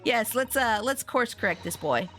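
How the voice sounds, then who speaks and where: A woman's voice: a little high, animated, moderate pace, a bit bright, soft background music. A young adult woman streaming a game, making playful, giggly asides. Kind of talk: casual game-stream commentary.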